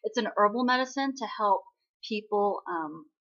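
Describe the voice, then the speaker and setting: A woman giving a casual spoken recap of a TV drama, chatty and full of fillers, acting out quoted lines in a higher voice. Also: lively intonation, normal speed, a bit bright, highs cut off.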